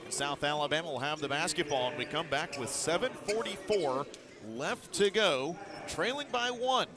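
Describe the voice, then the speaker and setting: A man's voice: on the high side, expressive, a crowd in the background. A man doing live radio play-by-play of a college basketball game, calling each pass in short clipped phrases and rising sharply when a basket falls. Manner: rapid clipped play calls, rising sharply at big plays. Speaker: play-by-play announcer. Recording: loud arena noise behind.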